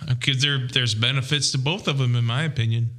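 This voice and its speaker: A man co-hosting a casual gear podcast, chatty and halting, often repeating himself. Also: medium pitch, steady tone, fairly bright tone. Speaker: podcast co-host. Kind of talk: casual chat.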